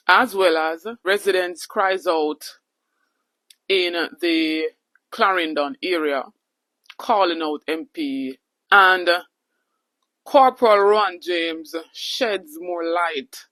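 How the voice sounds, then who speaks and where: Woman, news channel host, unhurried delivery, dry close sound. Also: lowish voice, a bit bright, no room sound. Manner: greets viewers and sums up stories. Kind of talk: online news intro.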